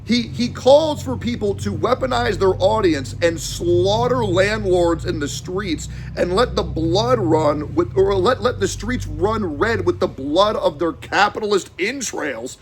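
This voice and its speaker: Young guy ranting on stream, high and all over the place, kinda raspy, yells then mutters. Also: animated, a little slow, few pauses, a little hiss or hum. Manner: agitated, profane, swings between shouting and mutters. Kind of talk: heated commentary rant.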